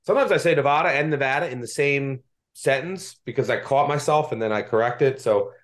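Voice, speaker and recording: A man's voice: mid-range voice, fairly quick. A man with a Delco accent hosting a casual sports betting podcast, chatty and self-deprecating. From Delaware County, Pennsylvania. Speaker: podcast host.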